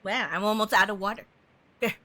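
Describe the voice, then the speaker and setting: A woman streamer giving live gameplay commentary, excitable, laughing and swearing as she plays. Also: mid-range voice, fairly quick.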